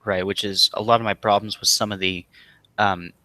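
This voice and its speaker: Low, bright-voiced young man, dry sound. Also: moderate pace, no room sound. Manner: relaxed, enthusiastic, filler-heavy. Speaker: podcast co-host. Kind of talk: casual chat.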